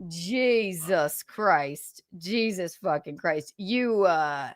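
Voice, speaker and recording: A woman's voice: fairly low pitch, expressive, extremely slow, no room sound, studio quality. A young woman hosting a livestream, ranting with profanity and sarcasm. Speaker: podcast host.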